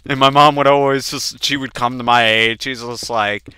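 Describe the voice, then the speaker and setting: A young man hosting a game video, rambling through a childhood story with casual swearing and sudden loud outbursts. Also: medium pitch, steady tone, normal speed, smooth, dry recording, studio quality. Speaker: gaming channel host. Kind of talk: casual let's play commentary.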